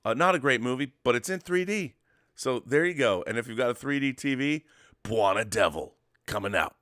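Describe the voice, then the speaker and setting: A man's voice: mid-range voice, animated, a little fast, fairly bright tone, no echo, clean studio sound. A man co-hosting a weekly talk show in casual chat, enthusiastic and rambling, with many restarts. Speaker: co-host of a weekly show about physical media. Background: dog at his feet.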